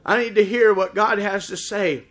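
A middle-aged man preaching a sermon in church, impassioned and swelling toward shouts. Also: high voice, steady tone, moderate pace. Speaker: pastor. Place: church service before a congregation.

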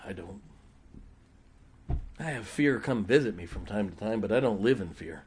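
A middle-aged man preaching a sermon in a folksy, humorous way, swinging from loud emphasis to quiet, intimate asides. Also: on the low side, animated, moderate pace, long pauses, a little hiss or hum. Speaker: pastor.

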